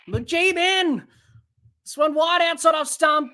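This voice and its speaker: An Australian woman hosting a podcast stream, giving excitable live cricket commentary and yelling at the big hits. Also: extremely high pitch, a little slow. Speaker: podcast host.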